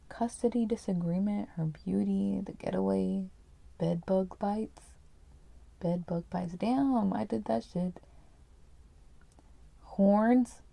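A woman's voice: on the low side, vocal fry, dark tone, no echo. A woman reading story submissions aloud and reacting with crude, sarcastic remarks.

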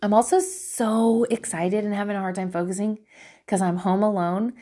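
A woman in her thirties chatting casually to camera at home, animated and swearing, acting out voices as she tells stories. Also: medium pitch, normal speed. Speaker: vlogger giving life advice.

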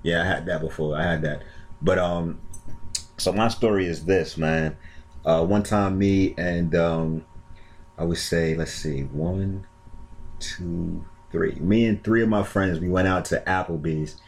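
Deep-voiced laid-back young man. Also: steady tone, measured pace. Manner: laid-back, frequent short affirmations. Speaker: podcast co-host. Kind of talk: casual chat.

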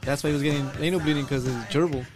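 A man's voice: a little high, fast talker, music in the background. A man co-hosting a podcast, joking and crude in casual chat. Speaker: podcast co-host. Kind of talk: casual banter.

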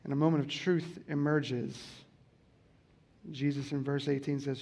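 A man's voice: mid-range voice, little pitch movement, unhurried, a little mellow. A man preaching a sermon as a pastor, earnestly repeating key lines for emphasis.

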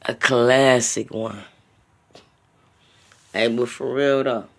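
A man's voice: mid-range voice, fairly even intonation. Profane, rambling man hosting a solo podcast. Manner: profane, loose and rambling, talks straight at listeners; drawn-out slang tags like bro and my friend. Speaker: podcast host. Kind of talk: casual solo podcast rant.

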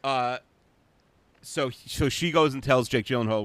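Young man co-host, mid pitch, dry close recording; halting, filler-heavy recap. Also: fairly bright tone, no echo. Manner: hesitant, many fillers and restarts, dry. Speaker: podcast co-host. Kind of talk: casual chat recapping a movie plot.

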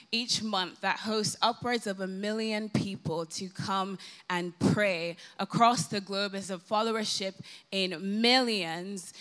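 A young Irish woman preaching at a live worship gathering, telling a personal story in an animated, humorous way and repeating phrases for emphasis. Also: medium pitch. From Ireland. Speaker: guest speaker.

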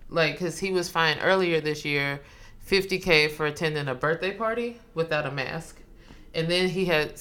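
A woman's voice: deep voice, a bit bright. A woman co-hosting a casual chat show, laughing often and telling stories with animation. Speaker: podcast co-host.

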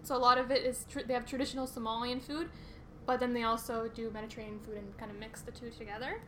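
A woman's voice: on the high side, level tone, fast, slight background noise. A young woman co-hosting a casual podcast chat over food, giggly and full of fillers. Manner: chatty, giggly, filler-heavy. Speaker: podcast co-host. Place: studio under renovation.

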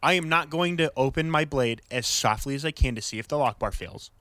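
Bright-voiced rambling man. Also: medium pitch, brisk, no echo. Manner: rambling, full of "like" and "you know", acts out customers. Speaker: knife shop owner on a podcast. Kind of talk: casual chat.

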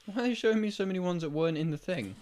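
A man's voice: sits high, rapid-fire, a little mellow. A young man chatting casually and teasing his friend while playing a game. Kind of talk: casual chat.

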